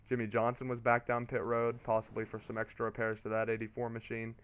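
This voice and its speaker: A young man streaming a racing game, giving casual play-by-play commentary that turns excitable on restarts. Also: mid-range voice, fast, clean tone, highs cut off. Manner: excitable, rises to shouting on restarts.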